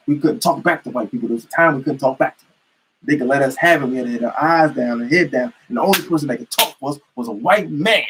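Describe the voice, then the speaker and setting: A man's voice: medium pitch, slight background noise, poor audio. A man giving an emphatic, repetitive political rant to camera as a commentator.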